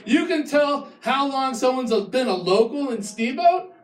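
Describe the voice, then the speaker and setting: A man doing a stand-up comedy set, ranting and mocking, breaking into shouted impressions. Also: extremely high pitch, animated, moderate pace, roomy sound, distant mic. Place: live comedy venue with an audience.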